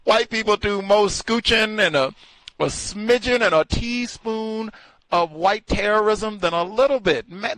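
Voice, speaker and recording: Male talk radio host, sardonic and mocking, fairly high voice, dry close sound. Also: fairly bright tone, no echo, low-quality recording. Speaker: call-in show host.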